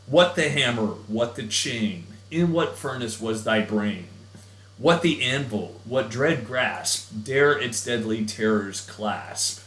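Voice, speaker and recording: Guy reading a poem slow and heartfelt, echoey room. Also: mid-range voice, lively intonation, a bit bright. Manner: slow and emotional recitation. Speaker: teacher. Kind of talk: dramatic poetry reading.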